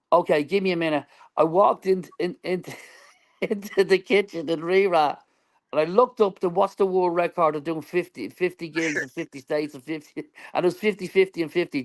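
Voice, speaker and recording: Male guest musician, slightly high voice, lively anecdotal storyteller. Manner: animated, acts out quoted dialogue, laughs often. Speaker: band member guest. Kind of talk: storytelling in an interview.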